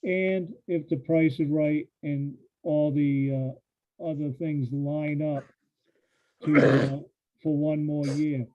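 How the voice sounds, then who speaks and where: A man's voice: on the high side, steady tone, takes it slowly. A man reporting steadily to a town council as public works director, with some fillers. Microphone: phone or call line. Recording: tinny phone-line audio.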